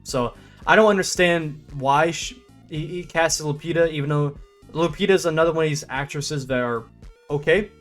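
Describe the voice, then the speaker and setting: A young man talks through a film in a loose, rambling review, stumbling over restarts and fillers. His voice sits a bit high, and he jumps into animated, laughing bursts. Faint music plays softly behind him. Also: moderate pace. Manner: rambling, stop-start, many fillers and restarts. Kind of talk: casual spoken movie review.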